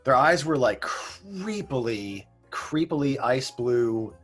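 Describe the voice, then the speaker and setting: A man's voice: mid-range voice, sing-song, slow pace, a bit bright, soft background music. A man casually reviewing a movie on a podcast, rambling and swearing as he talks. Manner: rambling, profane, acts out quotes. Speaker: podcast host.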